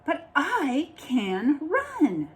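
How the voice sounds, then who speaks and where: A woman voicing a small, brave girl chick in a storybook read-aloud, with high, excited calls. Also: very slow, heavily acted. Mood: defiant.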